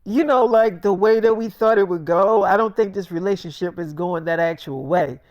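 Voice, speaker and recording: Guy putting on a quiet flirty actress voice, soft and coaxing. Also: high voice, moderate pace, no echo, studio quality, lightly acted. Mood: hesitant.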